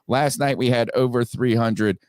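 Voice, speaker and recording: A man hosting a sports podcast, upbeat and quick with his plugs. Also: medium pitch, steady tone, darkish tone, clean tone. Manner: upbeat, promotional, rapid plugs. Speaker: podcast host. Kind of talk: casual sports podcast talk.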